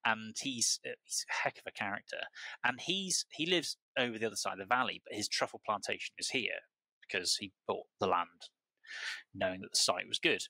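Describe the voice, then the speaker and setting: Man, British accent, podcast guest, very bright voice, rambling animated storytelling, lots of restarts, dry close sound. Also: lowish voice, a little fast, no echo, rough recording. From United Kingdom. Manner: rambling and animated, with many restarts and repeated words. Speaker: truffle grower, podcast guest. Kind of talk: casual conversational storytelling.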